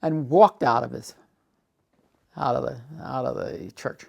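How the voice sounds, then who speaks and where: A man's voice: medium pitch, measured pace, creaky, highs cut off. An older man recounting a memory from his past, rambling with frequent fillers and acting out the quoted exchanges. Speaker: artist telling his life story. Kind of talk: spoken recollection.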